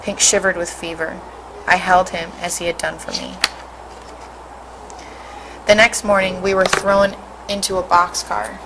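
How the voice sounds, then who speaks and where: A woman, a teacher, reading a storybook aloud in a steady, expressive way. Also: lowish voice, unhurried, vocal fry, long pauses, noisy background.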